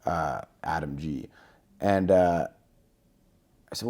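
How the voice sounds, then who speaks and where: A man with a low-pitched voice, talking a little fast, is a podcast guest spinning a casual anecdote. He tells it with energy, voicing the quoted dialogue himself.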